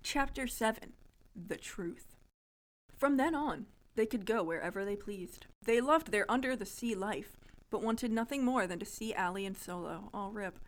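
A woman's voice: medium pitch, animated, normal speed. A woman co-hosting a casual podcast, reading a childhood story aloud and breaking off to laugh and comment. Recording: lo-fi podcast audio.

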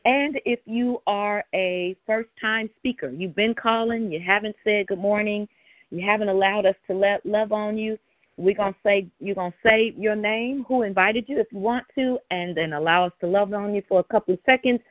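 Hosting a call-in prayer line, this woman speaks at a moderate pace in a medium-pitched voice. The dry phone recording catches her playful, casual manner, with frequent laughter and the odd burst of song.

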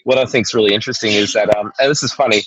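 A man's voice: lowish voice, rapid-fire, husky, no echo, lo-fi sound. A man with an Australian accent, a guest in a casual interview, upbeat and joking. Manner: upbeat, joking, lively intonation. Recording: faint background noise.

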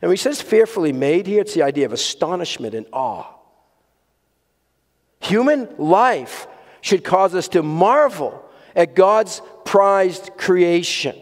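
Male pastor, earnest sermon delivery, stresses and repeats words, slightly high voice. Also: animated, measured pace. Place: church sanctuary with congregation. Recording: long hall reverb.

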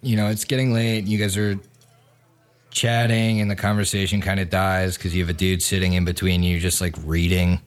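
A man's voice: low voice, level tone, normal speed. A man narrating a tabletop role-playing podcast as game master, loose and joking, laughing often.

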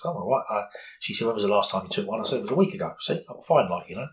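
A middle-aged man speaks with a slightly low pitch. He tells a personal story in an interview, candid and rambling, full of fillers and restarts. A faint ambient noise sits behind his voice. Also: fast talker, rough recording.

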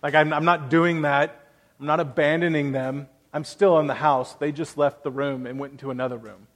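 Earnest pastor, ringing church reverb. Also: male voice, fairly high pitch, fairly even intonation, normal speed. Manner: earnest, conversational preaching with personal stories. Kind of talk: sermon.

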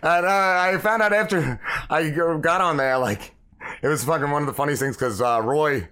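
A man's voice: fairly high pitch, moderate pace, sharp tone, smooth. A man hosting a podcast, ranting with constant swearing and mimicking other people. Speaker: podcast host. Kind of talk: profane casual rant.

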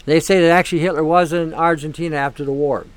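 Guy ranting on his show, blunt and repetitive, smooth voice, kinda high pitched. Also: fairly even intonation, fast, no echo. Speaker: show host. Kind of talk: opinionated monologue.

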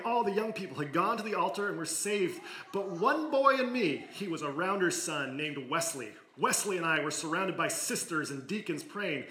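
A man preaching a sermon, reading a story aloud with expressive delivery that falls to a hush in quiet moments. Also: fairly high pitch. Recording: echoey room.

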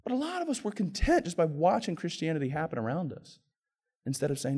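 A man pastor preaching a sermon in a conversational way, dropping to hushed pleading and climbing to loud, excited passages. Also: a little high, quick pace, breathy edge. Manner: conversational, with filler and repeated words.

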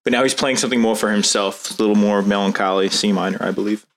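A young man playing a tabletop game, quick and stumbling, joking. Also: lowish voice, steady tone, a bit bright.

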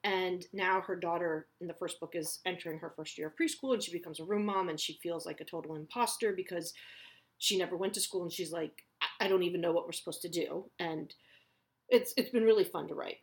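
A woman's voice: fairly low pitch, brisk. A woman, chatting candidly and swearing freely about her kids and her writing. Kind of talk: casual personal chat.

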